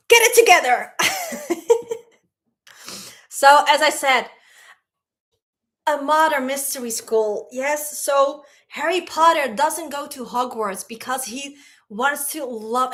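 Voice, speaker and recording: High-voiced woman, tearful and heartfelt. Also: fairly bright tone. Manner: heartfelt and rambling, reading chat aloud, fighting back tears. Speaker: spiritual teacher hosting a livestream. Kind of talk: emotional livestream talk.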